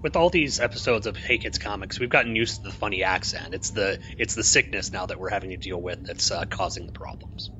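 A man's voice: low voice, a little fast, hardly any pauses, sharp tone. A man from Kansas raised in Oklahoma, co-hosting a podcast in rambling casual chat. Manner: rambling, self-correcting. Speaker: podcast co-host. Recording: dull lo-fi audio with faint hiss.

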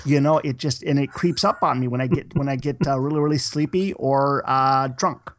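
A man's voice: medium pitch, normal speed. A man from Minnesota and the Boston area, co-hosting a podcast in casual, rambling chat with frequent restarts. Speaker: podcast co-host.

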